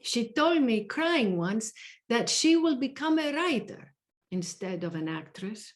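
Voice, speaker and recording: A woman reading a theatre teacher's testimony in a measured, reflective manner for a verbatim theatre reading. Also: a little high, big pitch swings. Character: woman theatre teacher recalling her students.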